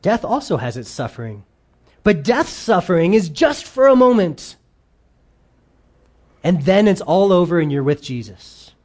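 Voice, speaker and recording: A pastor preaching a sermon, reading scripture aloud and explaining it, with emphatic stresses that drop into quiet asides. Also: mid-range voice, big pitch swings, measured pace, pauses often.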